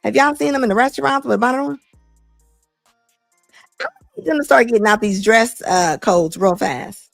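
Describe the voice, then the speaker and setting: A middle-aged woman hosting a talk show, giving blunt, animated opinion commentary and laughing often. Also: fairly high pitch, normal speed, vocal fry, pauses often, no room sound, clean studio sound, faint music behind. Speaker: host.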